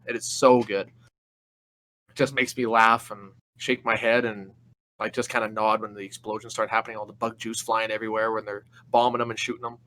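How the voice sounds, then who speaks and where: A man's voice: medium pitch, pushed and bright, poor audio. A man co-hosting a casual podcast, talking enthusiastically about movies and acting out scenes in raised voices. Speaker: podcast co-host. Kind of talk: casual chat.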